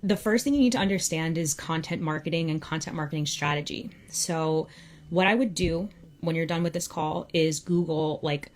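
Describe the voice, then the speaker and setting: A young woman hosts a live Q&A as a freelance copywriting coach, her voice sitting a little low. She talks in a loose, conversational way, filling her sentences with "like.". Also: normal speed. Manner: casual, conversational, peppered with "like". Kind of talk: live Q&A session.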